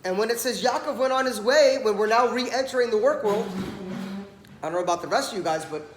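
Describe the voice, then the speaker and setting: A man's voice: very high voice, a little fast. A man giving a storytelling Torah talk, acting out the dialogue as he goes. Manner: animated storyteller, acts out dialogue. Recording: echoey room, some background noise.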